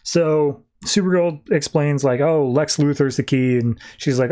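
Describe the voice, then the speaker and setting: A man hosting a podcast, casually recapping a comic issue with wry asides and quick bits of the characters' lines. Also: mid-range voice. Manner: animated retelling that slips into quick character quotes. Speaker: podcast host.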